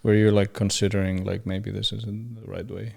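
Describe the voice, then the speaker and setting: A man with a low, gravelly voice hosts a podcast in a casual way. He asks questions in an even, flat tone and hesitates with fillers along the way. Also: moderate pace. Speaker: podcast host. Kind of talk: interviewing in casual conversation.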